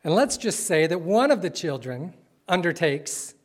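A man delivers a sermon to a congregation in a church. He tells stories in an easy, conversational way, then slows right down to stress his key words. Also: on the high side, very animated. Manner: conversational, playful storytelling with sudden slow emphatic phrases. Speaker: pastor.

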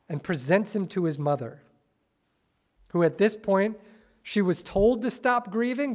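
Guy preaching a sermon, slow and dramatic, kinda high voice, lots of questions. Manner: dramatic, rhetorical questions, varies loudness. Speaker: pastor.

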